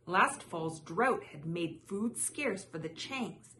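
A woman reading a children's picture book aloud in a soft, measured way. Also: lowish voice, expressive, a little hiss or hum. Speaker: storyteller.

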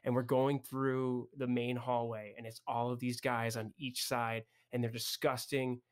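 A man's voice: medium pitch, level tone, unhurried. A young man co-hosting a podcast, chatting casually and enthusiastically about a film, full of "like" and "right?". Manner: enthusiastic, many "like" and "right?" fillers. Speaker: podcast co-host.

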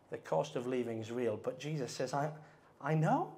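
A middle-aged man preaching a sermon at a conference, earnest, moving between hushed and emphatic delivery. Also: medium pitch, moderate pace. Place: conference hall.

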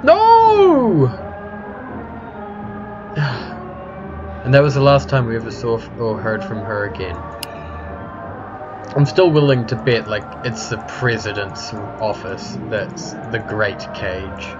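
A man's voice: lowish voice, unhurried, dull audio. A man casually commenting on a video game as he plays, reacting and thinking aloud. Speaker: gamer. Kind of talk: let's play commentary. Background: game music.

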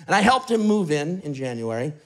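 A man doing stand-up, telling a story in a casual, animated way at a live show. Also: a little high, a little fast. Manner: animated, conversational, swearing. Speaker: stand-up comedian. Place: live show before an audience. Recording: live mic with crowd laughter.

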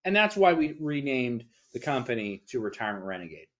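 A man's voice: medium pitch, sing-song, brisk, a bit bright. Man, firm owner giving an interview, salesy and folksy, dull lo-fi sound. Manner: folksy salesman with homespun analogies. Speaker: retirement planning firm owner, guest. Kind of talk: interview answers. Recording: dull lo-fi audio.

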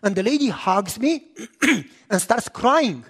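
A man preaching a sermon, telling stories and acting out the dialogue, clearing his throat often. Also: high-pitched, sing-song, takes it slowly. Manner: anecdotal, acts out dialogue, frequent throat clearing. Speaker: pastor. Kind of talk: storytelling sermon. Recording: long reverb of a large hall.

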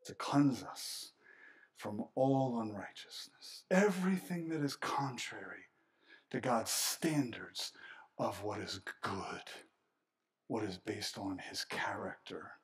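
A middle-aged man preaching a sermon as pastor, animated and swinging between hushed and loud passages. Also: on the low side, slow, creaky.

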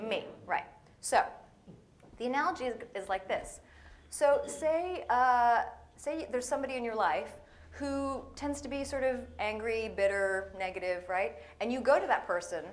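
A woman preaching a guest sermon in a playful, conversational way, often turning to the audience with quick asides. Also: on the high side, a little hiss or hum. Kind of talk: humorous sermon. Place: spiritual center hall.

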